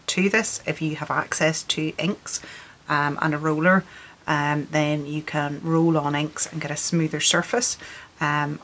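A middle-aged woman from Scotland, her accent worn toward Northern Irish, talks through an art workshop in a low, friendly voice. She explains step by step with plenty of ums. Faint noise sits behind her. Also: a bit bright, rough recording. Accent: Scottish with a Northern Irish lilt. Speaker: artist leading a workshop. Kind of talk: instructional video workshop.

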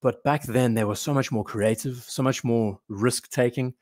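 A man's voice: mid-range voice, moderate pace, a little mellow, no echo, clean studio sound. A man hosting a casual live stream, rambling and reading viewer comments aloud.

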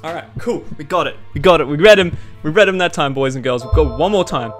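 An excitable young man playing through a game on his channel, talking straight to his viewers and swearing freely. His voice sits a little high for a man, with faint music underneath. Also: quick pace. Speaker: gaming YouTuber. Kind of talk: let's play commentary.

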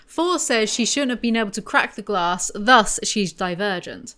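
A woman's voice: medium pitch, animated, normal speed, a bit bright. Sarcastic woman roasting a novel. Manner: sarcastic, reads passages aloud and stumbles. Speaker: book commentary vlogger. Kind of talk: sarcastic book commentary.

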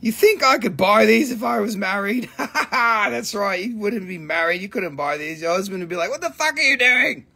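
High-voiced joking man selling crystals. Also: normal speed, gravelly, hardly any pauses, bright, forceful tone, slightly rough. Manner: joking, profane, teasing banter; trails off with repeated fillers when flustered. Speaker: host selling rocks and crystals on a live stream. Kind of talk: casual live sales chat.

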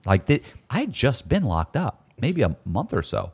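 A man telling stories in casual chat, animated and often restarting his sentences. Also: mid-range voice, moderate pace, vocal fry, breathy edge. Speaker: guest storyteller.

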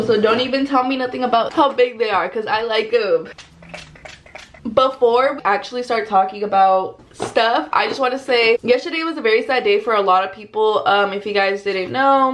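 A woman's voice: a little high, fairly bright tone. A young woman, chatting to camera in her bedroom in a casual get-ready-with-me vlog, rambling anxiously, full of slang and constant "like"s. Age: young adult. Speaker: vlogger. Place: bedroom at home.

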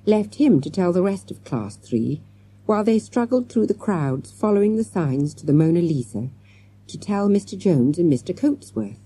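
A woman narrating a children's audiobook with lively storytelling and many character voices. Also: lowish voice, moderate pace, slightly rough.

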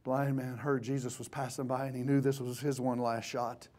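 A man preaching a sermon in a church, swinging from impassioned shouting to hushed tones. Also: medium pitch, level tone, moderate pace. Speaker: pastor.

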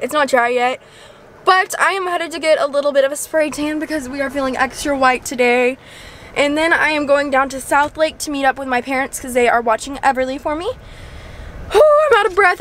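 A woman's voice: high voice, fairly bright tone, a little hiss or hum. A young woman, chatting casually to camera in a bubbly, giggly way. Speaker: vlogger. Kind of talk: casual vlog chat.

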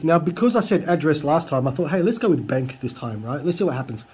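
A man telling a casual story to his viewers, reading chat messages aloud with sarcastic, deadpan asides and mimicking the other side's lines. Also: fast talker, slightly rough. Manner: mimics the scammers' lines in a higher voice. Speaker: youtuber.

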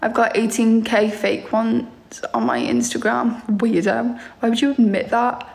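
A young woman chats live with her viewers, answering their comments with sarcastic, teasing replies. She talks slowly, in a slightly high voice, and laughs often. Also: expressive, creaky, a little mellow. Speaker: live streamer reading comments. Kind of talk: casual live-stream chat.

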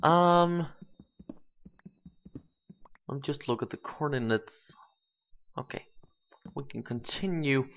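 This let's play commentary comes from a gaming channel host who reasons out loud and bursts into excited outbursts. The mid-range voice moves at a slow pace with frequent pauses, captured on a dull lo-fi home mic.

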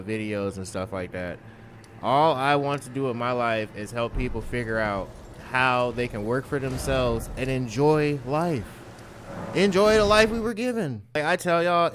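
A man's voice: mid-range voice, a bit bright, slight background noise. A young man talks over his gameplay in a loose, rambling rant, his mid-range voice growing heated as he swears freely. He sounds like a gaming video creator venting to his viewers. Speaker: gaming YouTuber. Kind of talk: casual ranting commentary over gameplay.

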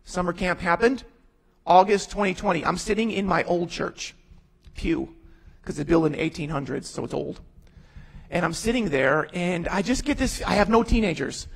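A pastor in his thirties tells his testimony with a gravelly, rough edge to his voice. He acts out the people in his story and builds to emphatic, near-shouted declarations. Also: high voice, expressive, normal speed, low-quality recording. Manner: storytelling, quoting himself and others in voices. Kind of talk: testimony sermon.

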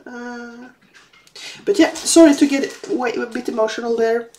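A woman's voice: a little high, steady tone, unhurried, darkish tone, slight background noise. A woman chatting casually while crafting at home, sniffling from a runny nose and often apologizing. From Sweden. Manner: chatty, apologetic, easily sidetracked. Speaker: vlogger. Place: at home, indoors.

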